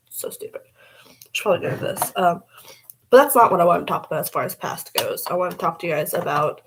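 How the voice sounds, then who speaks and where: A woman's voice: lowish voice, slight background noise, low-quality recording. A young woman vlogging casually as she does her makeup, blunt and rambling, swearing freely.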